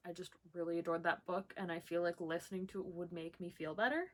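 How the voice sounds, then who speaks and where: A woman's voice: lowish voice, expressive, normal speed. A young woman recording a book vlog at home, chatting casually through a list of questions, rambling with lots of fillers and gushing about what she loves. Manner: bubbly, enthusiastic gushing. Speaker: book vlogger. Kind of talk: casual chat, answering a book tag.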